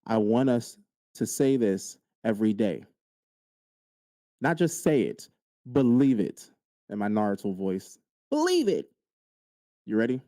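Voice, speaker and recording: A man's voice: lowish voice, measured pace, long pauses, mellow, no echo. A man hosting a podcast, speaking straight to his listeners in an earnest motivational monologue and repeating key lines for emphasis. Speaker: podcast host.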